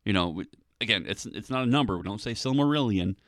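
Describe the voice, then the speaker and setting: A man's voice: on the low side, quick pace, bright, forceful tone, no echo, studio quality. A man hosting a solo podcast, talking casually in a rambling way with many ums and restarts. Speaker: podcast host.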